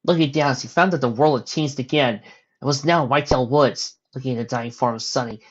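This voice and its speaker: A reader narrating a fan story aloud, in an even, casual tone with offhand asides. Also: medium pitch, a little fast, slightly rough. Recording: dull lo-fi recording.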